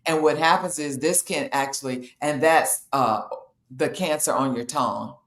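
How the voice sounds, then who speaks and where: A woman's voice: deep voice, moderate pace, fairly bright tone, reverberant. A woman explaining a health topic in a casual, matter-of-fact way, as host of a talk show. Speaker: health educator.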